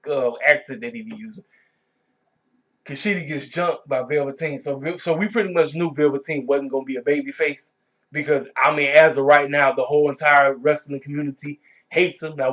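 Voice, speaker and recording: A man hosting his own wrestling review vlog, talking casually and reacting with animated disbelief. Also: fairly high pitch. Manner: animated, colloquial, exclaiming in disbelief. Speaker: wrestling review channel host.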